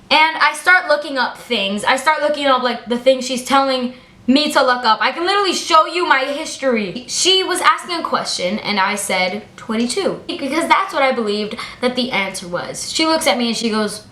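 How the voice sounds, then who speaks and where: A woman telling a storytime vlog in a blunt, profane, animated ranting way. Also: sits high, moderate pace, echoey room.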